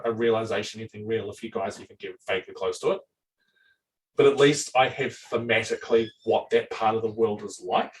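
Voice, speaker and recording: A man's voice: medium pitch, far from the mic, rough recording. Rambling man, heard from afar. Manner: rambling, animated, swears freely, many restarts. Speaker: dungeon master. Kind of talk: casual chat.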